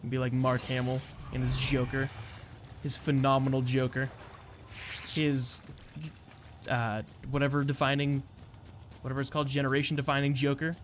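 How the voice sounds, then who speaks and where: A man's voice: medium pitch, little pitch movement, moderate pace, long pauses, a little hiss or hum. A man giving casual let's-play commentary, rambling and joking about himself. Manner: rambling, self-deprecating, jokey. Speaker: gameplay commentator. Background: game music.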